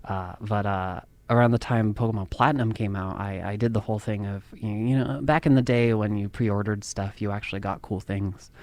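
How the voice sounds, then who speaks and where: Male host, lower voice, dry close sound; chatty, drifts off on tangents. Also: fairly even intonation, a little fast, few pauses, darkish tone, no echo. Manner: rambling, chatty, laughs at himself. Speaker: podcast host. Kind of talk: casual rambling monologue.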